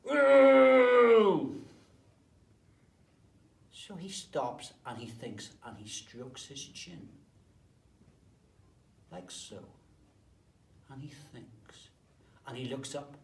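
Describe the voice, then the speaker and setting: A man, a teacher, telling a story to children, swinging between whispered asides and sudden loud bursts. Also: mid-range voice. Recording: roomy, distant mic, faint background noise.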